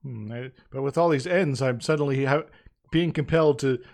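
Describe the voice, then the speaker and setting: A man's voice: mid-range voice, moderate pace, gravelly, a little mellow. A man co-hosting a casual podcast, speaking hesitantly with frequent fillers and chuckles. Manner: hesitant, many uhs and restarts, chuckles often. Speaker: podcast co-host.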